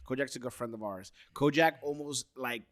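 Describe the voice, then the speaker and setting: A man's voice: medium pitch, a little fast. A man in his thirties co-hosting a podcast, chatting casually and telling stories with frequent laughter. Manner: storytelling, laughing often. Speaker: podcast co-host. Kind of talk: casual chat.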